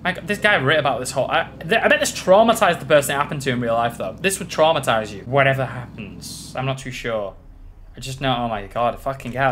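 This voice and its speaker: Male let's play host, jittery and foul-mouthed, average pitch. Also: animated, fairly quick, a bit bright, slight background noise. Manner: jumpy, swears a lot, panicky reactions. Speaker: gaming channel host. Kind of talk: horror game let's play commentary.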